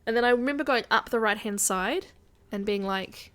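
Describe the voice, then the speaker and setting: A woman's voice: fairly high pitch, moderate pace, a bit bright. Chatty woman streaming a game. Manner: chatty, addresses viewers directly. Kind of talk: casual live-stream chat while gaming.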